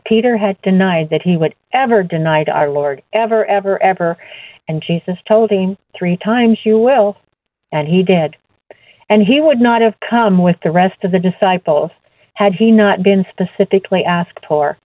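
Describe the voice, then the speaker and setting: A woman giving an earnest personal faith testimony as an interview guest, halting and repeating words as she goes. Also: mid-range voice, no room sound. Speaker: guest sharing her testimony. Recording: tinny phone line, dry.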